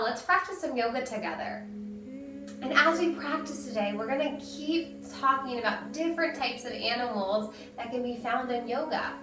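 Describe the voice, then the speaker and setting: A woman guiding a children's yoga lesson with gentle, encouraging instructions. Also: on the high side, normal speed. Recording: echoey room, heard from a distance, with music.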